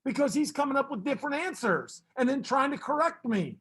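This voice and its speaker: A man teaching a math class, brisk and teasing, fussing at students and then reassuring them. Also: very high-pitched, animated, a bit bright.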